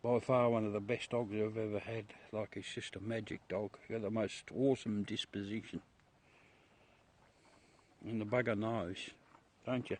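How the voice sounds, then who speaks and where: A man's voice: fairly low pitch, steady tone, normal speed, long pauses. A middle-aged man with an Australian accent, chatting casually to his livestream viewers outdoors at night, laid-back, chuckling and swearing freely. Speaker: livestream host. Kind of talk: casual rambling chat to viewers.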